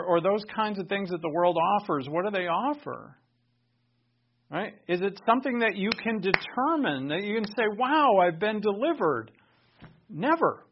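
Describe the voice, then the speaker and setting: A male pastor preaching a sermon in an animated, conversational way, with sarcastic asides to the congregation. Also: sits high, vocal fry, muffled recording.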